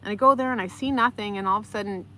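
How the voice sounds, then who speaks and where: A woman talking casually on a live stream, her voice bright and forward. She tells her stories in an animated, chatty way and reads viewer comments aloud as she goes. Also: medium pitch, rapid-fire, a little hiss or hum. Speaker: livestream host.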